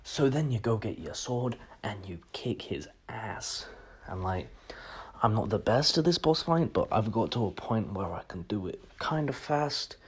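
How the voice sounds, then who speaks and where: A man's voice: lowish voice, expressive, unhurried, husky. A young man casually recapping a video game, joking and swearing as he rambles along. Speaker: gaming YouTuber.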